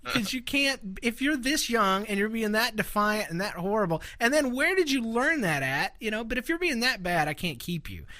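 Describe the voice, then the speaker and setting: A man's voice: high voice, normal speed, few pauses, no room sound. A man hosting a podcast, telling funny stories in casual chat and laughing along. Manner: animated storyteller, laughs while telling. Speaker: podcast host.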